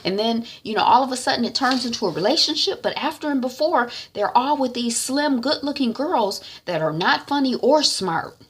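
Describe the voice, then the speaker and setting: A woman's voice: fairly high pitch, animated, moderate pace, few pauses, slight background noise, voice pushed up, lightly acted. A woman voicing a young woman who plays the earnest older sister. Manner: earnest, explaining, pleading.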